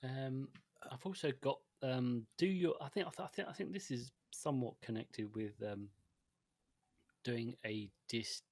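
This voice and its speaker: A man's voice: medium pitch, measured pace, a little mellow, no room sound, studio quality. A man co-hosting a podcast in casual chat, rambling and hesitant, with frequent restarts and fillers. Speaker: podcast co-host.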